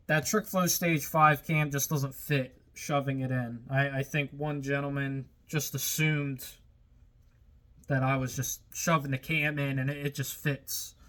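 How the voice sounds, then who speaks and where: Slow, flat-voiced man talking shop. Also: medium pitch. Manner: plain-spoken, gets a little worked up. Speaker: car-building video host. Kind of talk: casual workshop talk to viewers.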